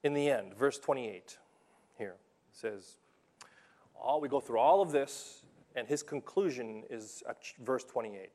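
A young adult man preaching a sermon in a conversational, animated way, telling stories from his coaching and acting out what people say. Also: mid-range voice, unhurried. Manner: conversational, animated storytelling with acted-out quotes. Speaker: pastor and basketball coach.

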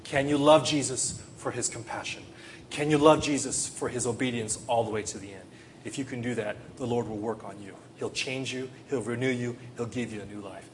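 A man's voice: medium pitch, steady tone, fairly quick, slight background noise. Impassioned man preaching a sermon. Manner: impassioned preaching, rising to loud rhetorical questions then dropping soft. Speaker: pastor.

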